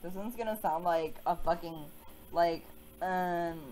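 A woman's voice: lowish voice, steady tone, a little slow, darkish tone, slight background noise. A young woman livestreaming a game, chatting casually, swearing a lot and mocking herself. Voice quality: frequent swearing, self-mocking asides. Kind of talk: casual livestream chat while gaming.

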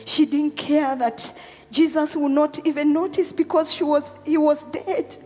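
A Kenyan woman pastor preaching a Sunday sermon, tearful and emotional, swinging between loud calls and whispered prayers. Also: high-pitched, fairly even intonation, a little slow. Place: church hall. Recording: long hall reverb with faint music.

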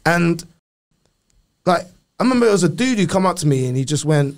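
A man's voice: fairly high pitch, a little fast, pauses often. A man from the north of England co-hosting a podcast, chatting casually and acting out quoted voices. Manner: animated, acts out quoted voices. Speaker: podcast co-host. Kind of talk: casual banter.

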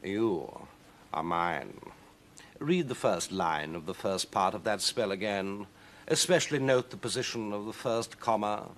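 A man voicing a huge, spiteful demon cat who speaks slowly and softly with silky menace. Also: on the low side, animated, a little hiss or hum. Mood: silky menacing. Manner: slow, soft and silky.

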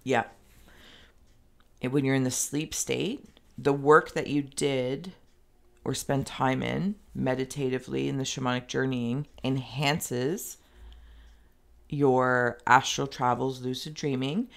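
A woman's voice: very deep voice, fairly even intonation, slow, vocal fry. A woman giving an intuitive tarot reading straight to the viewer, rambling and meandering as she works through the cards. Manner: speaks directly to the viewer. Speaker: tarot reader.

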